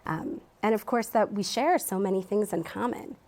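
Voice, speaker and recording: A woman's voice: mid-range voice, normal speed, a little mellow. A woman, a museum education director, answering interview questions in a TV studio, thoughtful and with frequent ums and restarts.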